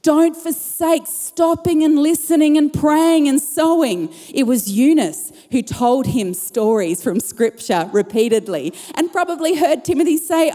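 Woman pastor, high warm voice, passionate sermon, reverberant hall. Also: measured pace. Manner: passionate preaching with rising emphasis. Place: church auditorium.

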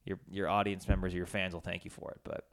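Male podcast co-host, quick casual storyteller, acts out each character. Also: sits low, vocal fry. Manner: animated, acts out quoted people.

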